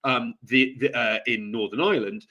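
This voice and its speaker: Male podcast co-host, halting delivery, lots of ums and restarts, mid-pitched. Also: fairly even intonation, pushed and bright. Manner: halting, many fillers and restarts. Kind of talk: casual political chat.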